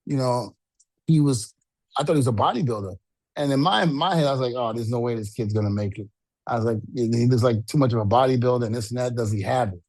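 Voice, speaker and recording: A man's voice: mid-range voice, no echo. A middle-aged man and retired wrestler casually telling backstage stories, acting out quotes with lots of fillers. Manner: animated storyteller acting out quotes, frequent fillers. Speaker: podcast co-host, retired wrestler. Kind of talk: casual storytelling.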